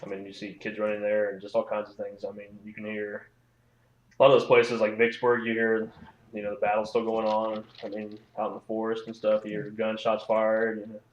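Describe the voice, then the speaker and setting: A man's voice: lowish voice, completely flat delivery, brisk. A man hosting a casual podcast, rambling with lots of "you know" and "I mean". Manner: rambling, laughs often, many "you know"s. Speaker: podcast host. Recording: echoey room, slightly dull sound.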